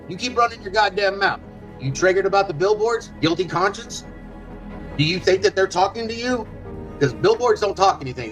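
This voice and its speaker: A man unloading an angry rant, heated and foul-mouthed, his voice pitched a bit high for a man. He talks in a confrontational, profane way. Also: fairly bright tone, poor audio. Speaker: father speaking on a live panel.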